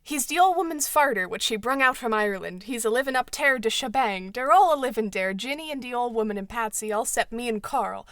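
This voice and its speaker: A woman's voice: fairly high pitch, lively intonation, brisk, hardly any pauses, a bit bright, no echo, clean studio sound. A woman voicing a rambunctious teenage boy stable hand, reading his thick phonetically spelled dialect aloud. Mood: chattering.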